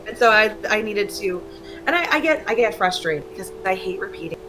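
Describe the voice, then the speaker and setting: A woman's voice: mid-range voice, lively intonation, a little fast, music in the background, poor audio. A woman talking candidly in a casual chat, rambling and laughing often. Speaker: stream co-host.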